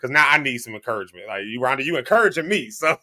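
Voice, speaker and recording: A man hosting a morning talk show, talking straight to his viewers in an animated way. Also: mid-range voice, rapid-fire. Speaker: host.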